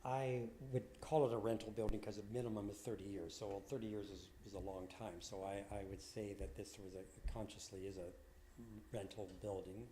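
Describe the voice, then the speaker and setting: A man's voice: on the low side, fairly even intonation, moderate pace, dark tone, roomy sound, slight background noise. A man representing a housing project, answering council questions hesitantly with many fillers. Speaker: development proponent.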